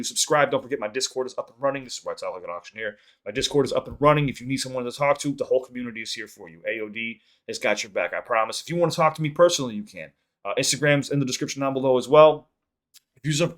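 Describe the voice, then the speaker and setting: A man's voice: mid-range voice, fairly bright tone. A man hosting a music reaction channel, talking in a rambling, earnest way, swearing freely and stumbling over repeated words. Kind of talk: casual reaction vlog talk.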